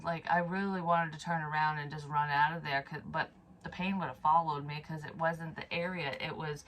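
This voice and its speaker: Woman, casual vlog storytelling, frank, swears a lot, sighs, slightly low voice. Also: steady tone, unhurried, fairly bright tone, rough recording. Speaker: psychic medium vlogger.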